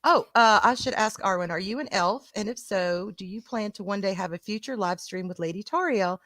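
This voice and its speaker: Bright chatty Southern woman. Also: mid-range voice, brisk, dry recording. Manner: chatty, calls viewers sweetheart and honey. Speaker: co-host of a stream. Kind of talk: casual livestream chat.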